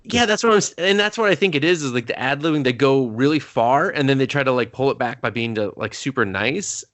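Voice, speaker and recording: A man's voice: mid-range voice, lively intonation, fast, a bit bright, dry recording. A man co-hosting a casual movie review podcast, recapping scenes in a rambling, profane way full of fillers. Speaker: podcast co-host.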